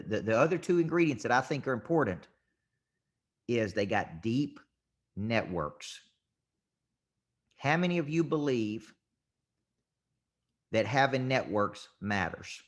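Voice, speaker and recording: Energetic man coaching a live audience. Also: mid-range voice. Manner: energetic, acts out sales calls in dialogue. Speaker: business coach. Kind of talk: motivational talk to an audience.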